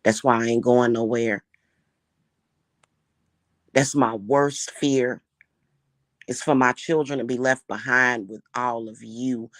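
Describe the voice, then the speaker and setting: A woman's voice: low voice, no room sound, clean studio sound. A middle-aged woman ranting to camera in a vlog. She sounds heated and profane, repeats herself and often restarts her sentences. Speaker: spiritual reader and spellwork vlogger. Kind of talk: unscripted angry rant to camera.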